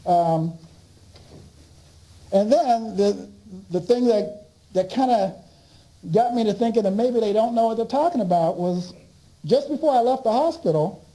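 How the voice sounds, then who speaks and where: Slow, dark-voiced man telling his story. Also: sits high, poor audio. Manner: animated, acts out dialogue with doctors. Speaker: speaker and author. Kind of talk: storytelling talk.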